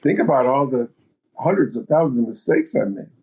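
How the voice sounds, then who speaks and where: A man's voice: mid-range voice, lively intonation, brisk, a little mellow, breathy edge. A man in his seventies, a business guest in a podcast interview, speaking bluntly and matter-of-factly. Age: 70s. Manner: blunt, matter-of-fact storytelling. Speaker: guest entrepreneur.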